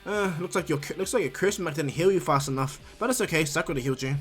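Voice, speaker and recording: A man's voice: a little high, quick pace, fairly bright tone, soft background music, lightly acted. A man voicing a brash, overpowered young male ninja who talks bluntly and teases. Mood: cocky. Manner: blunt, teasing.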